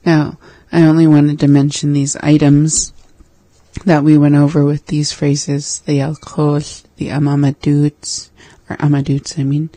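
A co-host in a language lesson, reviewing phrases slowly and repeating words to practice them. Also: medium pitch, monotone, dark tone, no room sound.

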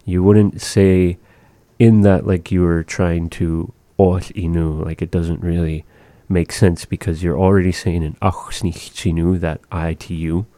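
Low-voiced man explaining a language. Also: flat delivery, a little slow, warm tone, no room sound. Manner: explains patiently with many fillers. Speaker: language teacher. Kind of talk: casual language lesson chat.

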